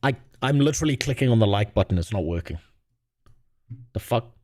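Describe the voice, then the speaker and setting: A man's voice: mid-range voice, expressive, fairly quick, darkish tone. Profane, sarcastic male streamer. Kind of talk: casual live-stream commentary.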